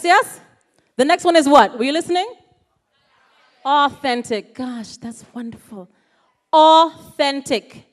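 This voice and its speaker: A high-pitched woman gives a motivational talk to a youth audience. She is animated and keeps calling out questions to the crowd to draw answers. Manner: animated, asks the audience questions, calls out "yes, yes?". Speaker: motivational speaker. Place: ceremony hall.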